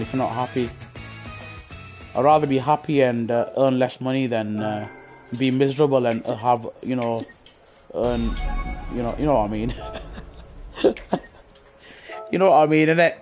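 Talking into a gaming headset during a live-streamed race, a British man rambles and chuckles with his chat over the gameplay. His mid-range, darkish voice moves at normal speed with long pauses, and faint music plays behind him.

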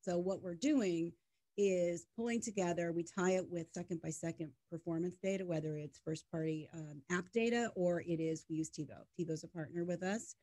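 Middle-aged woman, business guest, animated storyteller, conversational. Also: fairly low pitch, moderate pace. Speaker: media tech startup co-founder, guest. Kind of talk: conversational interview.

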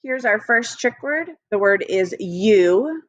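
Slow, patient woman teaching young children. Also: mid-range voice, animated, dry recording. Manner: slow, patient, encouraging, sounding out letters one by one. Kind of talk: recorded early-grade phonics lesson. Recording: dry, dull lo-fi home recording.

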